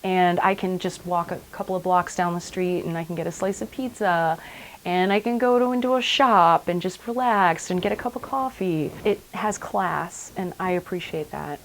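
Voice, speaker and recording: Middle-aged woman, shop owner, relaxed lowish voice, tells stories and voices quotes. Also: moderate pace, a little hiss or hum, low-quality recording. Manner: chatty storyteller, acts out quotes. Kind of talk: documentary interview.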